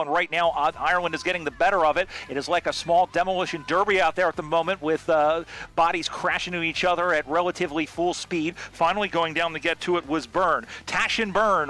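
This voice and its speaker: Male match caller, jokey and fast-moving, with a bright, high tone. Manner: quick, jokey call with frequent uh fillers. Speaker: play-by-play commentator. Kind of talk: live sports commentary.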